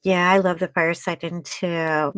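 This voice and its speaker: A woman's voice: lowish voice, level tone, normal speed, a bit bright, clear, resonant tone, dry recording. A woman hosting a live stream, chatting casually with viewers while she crafts. She rambles, laughs often and trails off mid-sentence. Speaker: livestream host.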